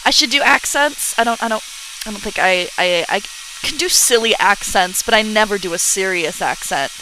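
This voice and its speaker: A woman's voice: medium pitch, normal speed, noisy background. A girl in her late teens, co-hosting a live stream and chatting casually with viewers. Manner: relaxed, chats with viewers. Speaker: co-host reading chat. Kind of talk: casual chat.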